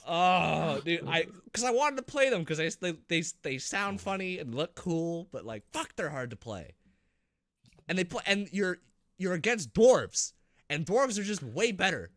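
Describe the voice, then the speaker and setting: Casual male co-host, lively pitch, bright tone, dry close sound, swears freely. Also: a little slow, no room sound. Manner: animated, swearing, acts out his own reactions in a loud high voice. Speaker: podcast co-host. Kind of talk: casual chat.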